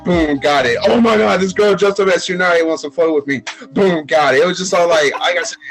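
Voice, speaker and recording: A young man from Texas tells a story in a loose, excited way, jumping up in pitch whenever he quotes someone. His voice sits a little higher than most men's, and faint music plays under the talk. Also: brisk, rough recording. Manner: animated, acts out quotes, many fillers and restarts. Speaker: podcast guest. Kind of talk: casual storytelling chat.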